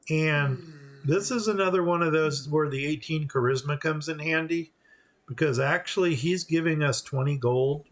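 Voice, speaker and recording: Chatty man narrating his gameplay. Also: fairly high pitch. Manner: chatty, explains as he plays, mock-voices the characters. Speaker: gameplay commentator. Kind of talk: casual let's-play commentary.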